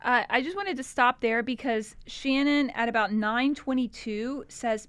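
A woman's voice: a little high, unhurried, few pauses, fairly bright tone, clear, resonant tone, dry recording. A woman co-hosting a podcast, talking through a recorded call in a thoughtful, conversational way with plenty of fillers. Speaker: podcast co-host. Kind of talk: casual chat analyzing a call recording.

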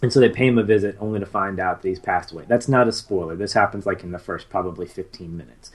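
A man's voice: sits low, fast talker, slightly rough. A man in his thirties co-hosting a podcast, chatting casually and rambling with many fillers and restarts. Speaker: podcast co-host. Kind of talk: casual chat.

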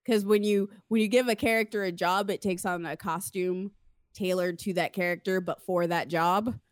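A woman's voice: mid-range voice, fairly even intonation, normal speed, no echo. Young woman co-host, casual rambling chat, lots of fillers, dry close recording. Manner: rambling, many fillers, laughs often. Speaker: podcast co-host.

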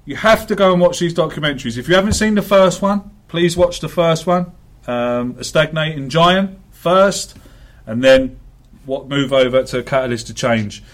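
A man's voice: a little high, moderate pace. Man, podcast host, chatty, lots of ums, casual football talk. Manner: chatty, swears, many fillers.

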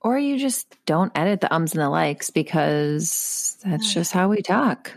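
Gravelly Minnesota woman chatting. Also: on the low side, lively intonation, unhurried, no echo, studio quality. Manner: chatty, laughs easily, goes off on side notes. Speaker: podcast co-host. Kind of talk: casual chat. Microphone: own microphone.

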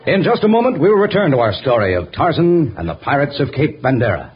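Guy narrating an old radio story, pitch swings around a lot, music under it, dull old sound. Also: quick pace. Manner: even storytelling delivery.

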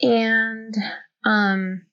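A woman in her thirties, a podcast guest, answering in a slow, hesitant, thoughtful way. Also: fairly high pitch, flat delivery. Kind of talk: conversational interview. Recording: dull lo-fi audio.

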